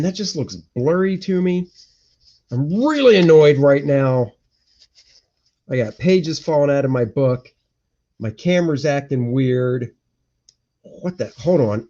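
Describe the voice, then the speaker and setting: A man chatting slowly and loosely on a home live stream, thinking out loud and grumbling under his breath between points. His voice sits at an ordinary middle pitch, and the audio is dull and lo-fi. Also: expressive. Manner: rambling, grumbles and mutters to himself. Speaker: cartoonist hosting a live stream. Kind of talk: casual live-stream chat, thinking aloud. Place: indoor home room.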